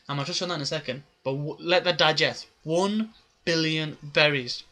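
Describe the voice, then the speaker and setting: A man's voice: fairly high pitch, normal speed, sharp tone. A man giving a casual, rambling recap of a comic chapter, with many filler words. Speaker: manga reviewer.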